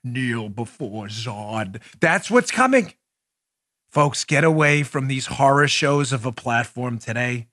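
A man hosting a political talk show, excitable and loud, with a sarcastic edge. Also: mid-range voice, a little slow. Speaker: podcast host.

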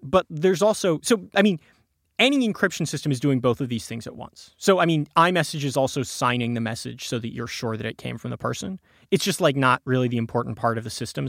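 The speaker is a man, a tech podcast guest walking through encryption in a casual way full of restarts, fillers, and frequent chuckles. He has a fairly high, creaky, fairly bright voice in a dry, studio-quality recording.

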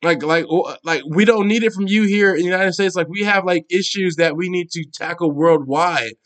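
A man's voice: high-pitched, normal speed, a bit bright. A young man hosting a podcast, giving casual news commentary in a chatty, emphatic way, full of fillers, restarts and sassy asides. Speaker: podcast host.

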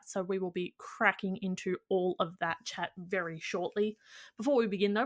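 Bubbly woman hosting a podcast. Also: fairly low pitch. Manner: bubbly, jokey, self-deprecating. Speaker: podcast host. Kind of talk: casual sports podcast chat.

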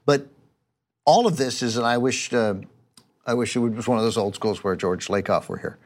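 A man's voice: medium pitch, moderate pace. Hesitant middle-aged male co-host. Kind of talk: casual political chat.

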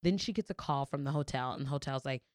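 A woman's voice: a bass voice, fast talker, darkish tone, dry recording, studio quality. A young adult woman in a casual podcast chat, telling a story with lots of "like" fillers and free swearing. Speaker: podcast guest.

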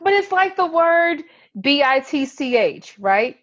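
A woman co-hosting a casual conversation, speaking in a lively, animated way. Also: sits high, dull audio. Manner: lively, animated, quick to jump in.

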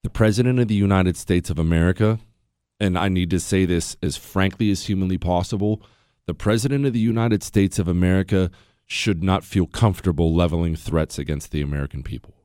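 A man hosting a call-in radio show, indignant and incredulous, swinging from low mutters to loud outbursts into a studio microphone. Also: a little fast, clear, resonant tone, no room sound. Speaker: radio talk show host. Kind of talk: opinionated call-in talk radio.

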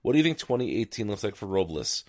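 A man with a lowish voice co-hosts a casual sports podcast. He talks in a wry, sleepy way and reads out listener email. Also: very animated, quick pace. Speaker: podcast co-host.

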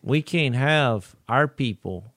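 A middle-aged man, telling a story in a folksy, animated way during casual chat. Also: mid-range voice, slow, no echo, clean studio sound. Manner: folksy, animated, laughs through his stories. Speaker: podcast co-host.

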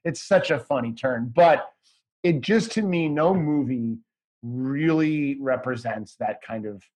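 A man's voice: medium pitch, unhurried, a little mellow. A man as a podcast guest, chatting casually in a rambling, enthusiastic way and swearing now and then.

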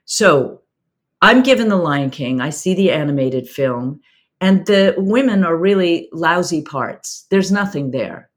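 A woman's voice: sits low, husky. A woman theater director recounting stories in an interview, reflective and anecdotal with frequent restarts. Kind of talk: interview storytelling.

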